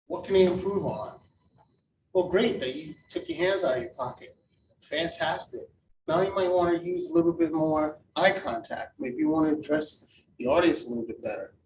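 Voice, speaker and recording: Man, encouraging teacher, conversational, slightly high voice, echoey room. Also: dull audio, slight background noise. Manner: encouraging, conversational, asks the audience questions. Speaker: club speaker teaching evaluation. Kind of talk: instructional talk to a club audience. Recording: echoey room, heard from a distance.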